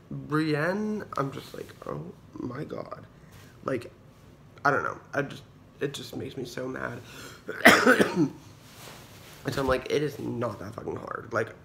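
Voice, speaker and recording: A man's voice: medium pitch, gravelly, fairly bright tone, slight background noise. A young man in a hospital room, casually and dramatically complaining into his phone, sweary and full of fillers. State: unwell patient awaiting kidney surgery. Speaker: vlogger. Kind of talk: casual ranting vlog.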